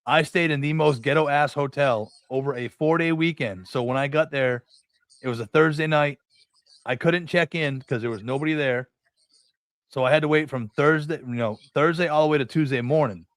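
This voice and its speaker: A man's voice: on the high side, moderate pace, dry recording. A middle-aged man from New England hosting a podcast, telling rambling, profane anecdotes and acting out the dialogue. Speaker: podcast host. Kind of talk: casual storytelling chat.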